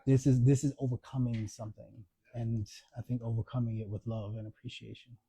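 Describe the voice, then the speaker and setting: Mellow, husky man telling a story. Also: mid-range voice, brisk. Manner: animated storyteller acting out quoted dialogue. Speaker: author at a book event. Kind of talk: storytelling conversation.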